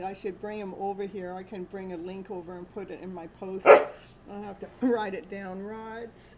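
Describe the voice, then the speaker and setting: A woman hosting a live tarot stream from home, chatting casually and laughing often. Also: medium pitch. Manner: slow, chatty, laughs often, baby-talks to her dog. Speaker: tarot reader and livestream host. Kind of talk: casual livestream chat. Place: at home with a dog. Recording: noticeable background noise.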